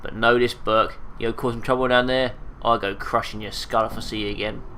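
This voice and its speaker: A man voicing a heavy-set, threatening guard who talks in rough slang. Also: medium pitch, steady tone, a little fast, sharp tone, slight background noise, lightly acted. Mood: menacing.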